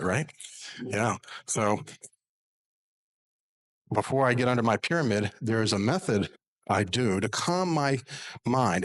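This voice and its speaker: A middle-aged man with a somewhat low voice speaks as a meditation teacher. He tells his stories in an earnest, folksy way and often checks in with the listener through rhetorical asides. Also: fairly bright tone, rough recording. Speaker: spiritual healer and pyramid meditation teacher. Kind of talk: storytelling monologue.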